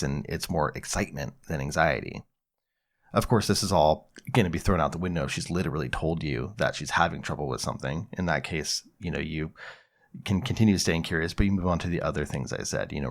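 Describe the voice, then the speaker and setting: A man hosting an advice podcast, calmly explaining and acting out example conversations. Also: low voice, creaky. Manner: calm, explanatory, acts out example dialogue. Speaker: podcast host, psychologist.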